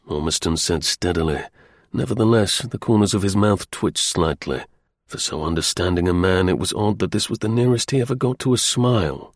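A man narrating an audiobook in a measured, even storytelling manner, with a husky voice. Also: deep voice, dry recording, clean studio sound. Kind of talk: scripted narration.

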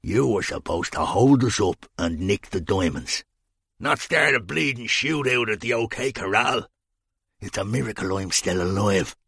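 A man's voice: on the low side, animated, vocal fry, a bit bright, slightly rough, dry recording, exaggerated voice. A man voicing a coarse, indignant criminal, swearing and complaining in a dry storybook reading. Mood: outraged. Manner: crude, swearing, quick to complain.

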